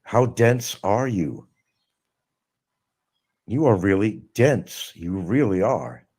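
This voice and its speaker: A man's voice: fairly low pitch, expressive, takes it slowly, a little mellow, breathy edge. A middle-aged man hosting a live stream, talking casually and mocking someone with sarcasm. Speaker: livestream host. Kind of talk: casual livestream monologue.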